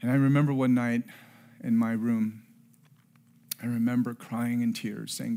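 A middle-aged man preaching a sermon and telling a personal story, earnest, rising to loud emphasis and dropping to hushed tones. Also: medium pitch, fairly even intonation, measured pace, a little hiss or hum. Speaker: pastor.

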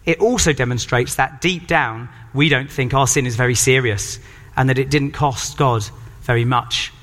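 A man preaching a sermon, reading scripture aloud and acting out the characters' voices with animated delivery. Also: a little high. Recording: long hall reverb.

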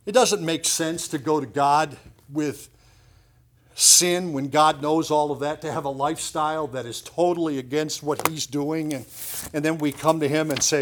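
A middle-aged pastor preaching a sermon in a conversational way, with lively asides and emphasis. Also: male voice, fairly high pitch, moderate pace.

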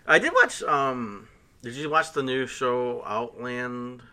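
A man's voice: mid-range voice, expressive, slow, bright, forceful tone. A man hosting a casual podcast chat, eager and rambling as he talks. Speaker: podcast host.

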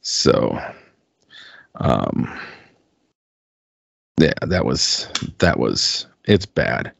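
A man's voice: rumbling low, sing-song, very slow, creaky, fairly bright tone, dry recording. A man co-hosting a music podcast, chatting casually and rambling with lots of fillers and restarts. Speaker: podcast co-host. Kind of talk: casual chat.

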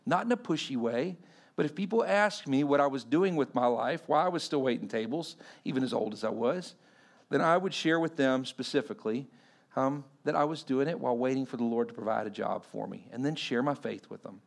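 A man in his forties from Texas, preaching a sermon and telling a personal story, acting out the people he quotes and swinging between loud and hushed delivery. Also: mid-range voice, brisk, gravelly. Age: 40s. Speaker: pastor.

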